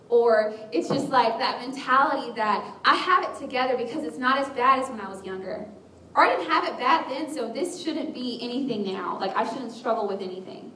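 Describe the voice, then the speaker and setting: A woman with a slightly high voice giving a frank, self-deprecating testimony to a church audience, slipping into little acted-out inner voices. She sounds set back from the mic in a roomy, echoing space, with a faint rumble underneath. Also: moderate pace, a bit bright. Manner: candid, self-mocking, acts out inner voices. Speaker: speaker sharing a personal testimony. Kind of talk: candid testimony talk to a church group. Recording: roomy echo with a faint rumble, voice picked up from a distance.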